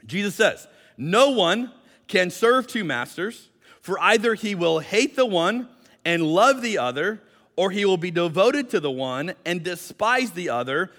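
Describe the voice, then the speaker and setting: A man's voice: high-pitched, animated, measured pace, a bit bright, long reverb tail. A male pastor preaching a sermon in a conversational, explanatory way with light jokes, speaking in a church sanctuary.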